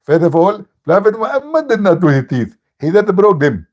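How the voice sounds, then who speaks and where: A man doing a mocking impression of an excitable male preacher who talks in a high, pompous, sputtering way. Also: normal speed, lo-fi sound.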